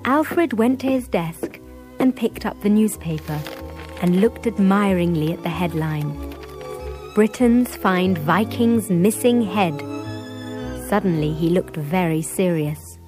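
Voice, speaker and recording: A woman narrating a scripted story in a measured, clear storytelling manner. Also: on the low side, music in the background, rough recording.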